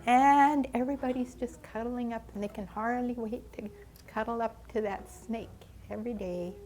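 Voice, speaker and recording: A woman's voice: fairly high pitch, a little mellow, slight background noise. An older woman telling a story dramatically at a ministry gathering, gasping, sighing and stretching out the suspense. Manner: dramatic, with gasps, sighs and drawn-out pauses. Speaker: ministry speaker. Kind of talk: animated children's storytelling. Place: church gathering.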